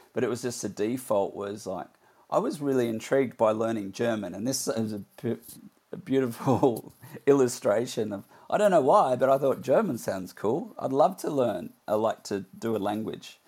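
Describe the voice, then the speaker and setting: A man's voice: mid-range voice, lively intonation, normal speed, darkish tone, husky. A man hosting a conversation, earnestly recalling his own school days. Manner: earnest, reflective storytelling. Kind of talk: conversational interview.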